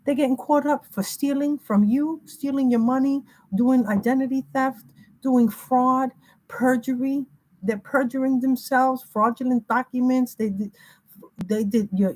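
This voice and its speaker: A woman's voice: a little high, a little mellow. A woman giving an emphatic, repetitive spiritual reading in a slangy, casual way. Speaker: spiritual reader.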